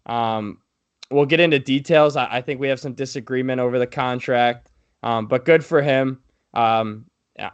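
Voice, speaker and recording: Smooth-voiced young man talking sports. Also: mid-range voice, normal speed, highs cut off. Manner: laid-back, filler-heavy news rundown. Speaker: podcast co-host. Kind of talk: casual sports podcast chat.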